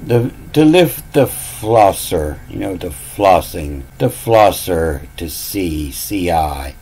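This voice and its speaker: A man's voice: sits low, lively intonation, slow, few pauses, warm tone, husky, rough recording. A man talking through word meanings in a casual monologue, musing aloud, repeating phrases and spelling words out letter by letter. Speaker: channel host.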